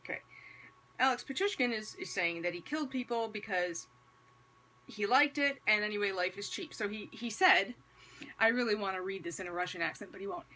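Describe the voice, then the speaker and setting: Speaking fairly quickly in a husky, slightly breathy mid-range voice with a sharp tone, a woman vlogger gives her viewers laid-back commentary. She stays wry and conversational, building a religious point through rhetorical questions and dry sarcasm.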